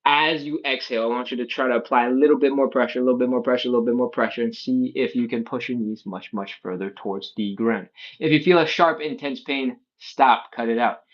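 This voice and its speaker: A man leading a live stretching workout, counting reps and breaths in a calm coaching manner. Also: mid-range voice, fast, muffled recording. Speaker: stretching instructor. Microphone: livestream setup.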